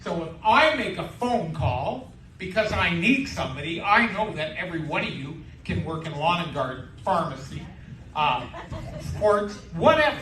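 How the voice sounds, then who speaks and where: A man's voice: a little high, very animated, normal speed, a bit bright, recorded from a distance, pitched below the performer's own voice. A man playing a strict store manager lecturing new staff, recorded live in a roomy club with crowd noise behind. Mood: stern lecturing. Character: stern male store manager laying down rules.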